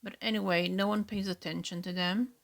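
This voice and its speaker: A woman hosting a solo reaction podcast, talking in an earnest, chatty way with fillers and soft asides. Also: medium pitch, fairly even intonation, a little fast, vocal fry. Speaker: podcast host.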